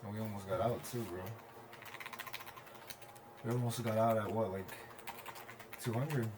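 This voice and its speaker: A laid-back man talking in a lowish voice as he watches a friend trade. He is casual and slangy, and there is clear background noise behind him. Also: steady tone, unhurried. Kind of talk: casual chat.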